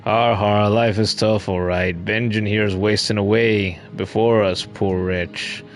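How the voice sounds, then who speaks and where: A scruffy, wheedling bug scavenger with an Australian accent, as a man puts him on, talking in a coarse, slangy drawl with dropped words. His voice sits fairly low. Faint game music plays under it. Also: fairly even intonation, slow pace. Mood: gruff, wheedling.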